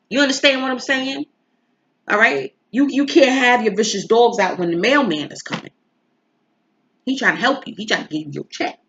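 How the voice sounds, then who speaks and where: A woman's voice: a little high, moderate pace, fairly bright tone, muffled recording, a little hiss or hum. A woman, an astrology and tarot reader, talking in a rambling, emotional way with a stuffy nose from crying, throwing in rhetorical asides. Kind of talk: casual confessional vlog chat. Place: home.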